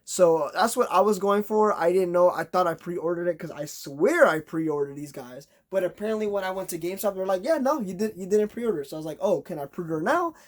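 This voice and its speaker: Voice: mid-range voice, brisk, hardly any pauses. A vlogger telling a long, exasperated story in a casual rant, acting out conversations in a raised voice.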